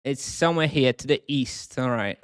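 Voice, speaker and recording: Man game streamer, mid pitch, dry close mic, chatty running commentary while he plays. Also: moderate pace, clean tone, dry recording. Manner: thinks aloud, chatty, answers chat. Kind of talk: casual live-stream commentary.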